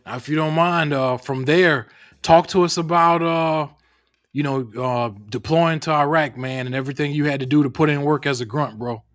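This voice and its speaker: A man's voice: fairly high pitch, fairly even intonation, moderate pace, fairly bright tone. A man hosting an interview, asking loose, slangy questions in a casual tone. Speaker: podcast host.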